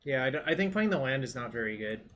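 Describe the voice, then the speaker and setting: A man's voice: medium pitch, expressive, fast talker, a bit bright. A man commentating his own card game match in a casual way, thinking aloud and swearing now and then.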